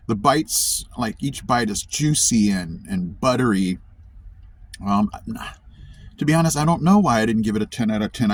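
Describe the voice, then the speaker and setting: A man's voice: medium pitch, slightly rough. A man from East Tennessee, chatting casually while eating and reviewing a dish, talking with his mouth full and repeating himself. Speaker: vlogger. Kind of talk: casual food review vlog.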